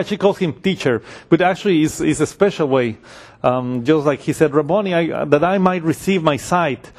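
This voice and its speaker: His sermon feels easygoing and chatty, delivered in a voice pitched slightly high for a man. The preacher occasionally slips into quick impressions of the characters in his story.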